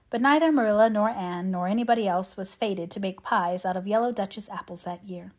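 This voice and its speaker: A woman reading a classic novel aloud in an even, measured storytelling voice. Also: medium pitch. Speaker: audiobook reader.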